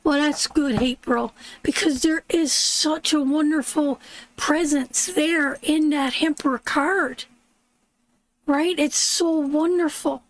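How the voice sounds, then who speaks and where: Canadian woman tarot reader, high-pitched, stuffy and tired, calls everyone sweetheart. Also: fairly even intonation, low-quality recording. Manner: slow, soothing, calls viewers sweetheart. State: congested, sleep-deprived. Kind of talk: live-stream tarot reading.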